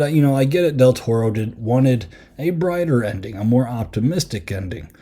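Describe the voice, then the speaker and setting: A man's voice: mid-range voice, dark tone. A man hosting a podcast, casually reviewing a film in a rambling way, with lots of fillers and acted-out quotes.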